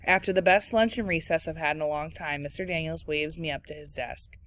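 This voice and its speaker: A woman teacher reading a children's novel aloud in clear, steady storytelling narration. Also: low-pitched, a little fast. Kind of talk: read-aloud book narration.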